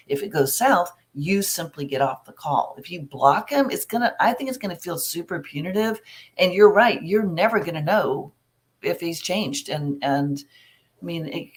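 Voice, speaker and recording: A middle-aged woman, a family recovery coach, answering viewer questions in a casual, chatty live Q&A and giving frank advice with everyday examples. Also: low-pitched.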